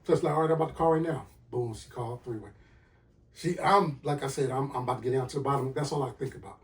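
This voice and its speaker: A man hosting a podcast, telling a personal story with lively acted-out dialogue and sound effects. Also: medium pitch, fast talker, distant mic. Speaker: podcast host.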